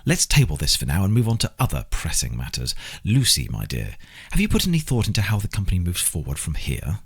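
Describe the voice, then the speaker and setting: A man reading an audiobook, voicing a smug, sneering oligarch boss with a thick Slavic accent who speaks slowly and menacingly. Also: low-pitched, wildly swooping pitch, husky, exaggerated voice. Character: sneering middle-aged male oligarch boss.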